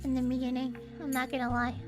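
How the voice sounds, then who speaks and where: A woman's voice: high-pitched, monotone, fast, over music. A woman streamer reading a visual novel aloud and chatting in a giggly, playful way. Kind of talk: casual game-reading stream.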